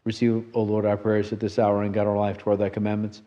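Man intoning prayers, deep and flat. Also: lo-fi sound. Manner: slow steady monotone intoning. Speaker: monastic chanter. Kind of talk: chanted liturgical responses and prayers. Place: monastery church.

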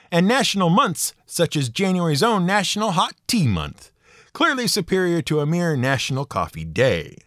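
A man's voice: a little high, fairly bright tone, dry recording. A man narrating a scripted podcast episode in a wry, playful storytelling manner with dry asides. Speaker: podcast host.

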